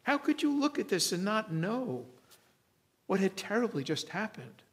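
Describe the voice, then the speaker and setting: Distraught, demanding woman, put on by a male preacher in a sermon, raised pitch. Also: big pitch swings, moderate pace. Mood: incredulous. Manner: exasperated, pleading questions. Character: grieving, indignant woman demanding answers.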